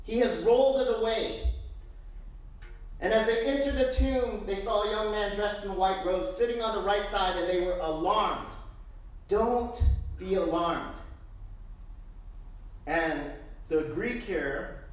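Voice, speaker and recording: Lady pastor giving a sermon, jokey and lively, lots of questions to the crowd, big echo, mic kinda far off. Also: medium pitch, slow pace, long pauses. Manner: lively, jokey preaching with many rhetorical questions. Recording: very echoey room, distant mic.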